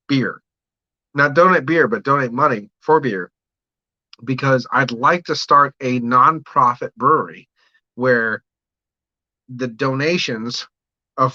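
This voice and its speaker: Here the man's medium-pitched voice comes across bright and forceful on a dry recording with the highs cut off. He's a home brewer running a casual livestream, rambling and cursing freely as he covers his brewing plans and answers viewer comments.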